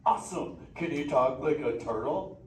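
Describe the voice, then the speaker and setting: Man voicing Crush, an excited surfer turtle. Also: a little high, moderate pace, recorded from a distance, voice pushed down, lightly acted. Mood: playful. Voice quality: surfer slang, drawling dude talk. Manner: playful, laughing, teasing the audience. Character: laid-back surfer sea turtle dude. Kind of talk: live interactive show character. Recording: echoey theater from afar, noisy.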